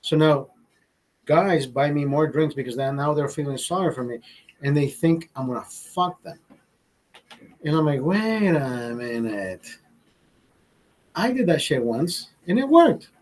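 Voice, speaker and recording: A man tells a story in a casual, profane way, his voice sitting a bit higher than most men's. He jumps into the voices of the people he quotes as he goes. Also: moderate pace, poor audio. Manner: profane, animated, acts out quotes. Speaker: host.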